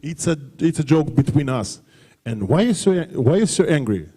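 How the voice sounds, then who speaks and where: Mellow-voiced man pushing back calmly. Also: on the high side, husky. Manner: calm but insistent, halting non-native phrasing. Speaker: rival's team member at a press conference. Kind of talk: defensive back-and-forth. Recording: reverberant hall.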